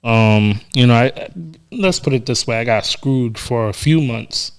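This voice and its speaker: Smooth-voiced earnest male podcast host. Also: medium pitch, unhurried. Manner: earnest, reflective, lots of fillers. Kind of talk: casual podcast chat.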